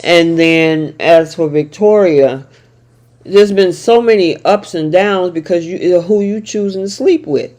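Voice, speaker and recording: A woman's voice: on the low side, measured pace, dark tone. A woman hosting a casual soap opera recap chat, talking playfully and laughing often. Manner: chatty and laughing, with playful asides.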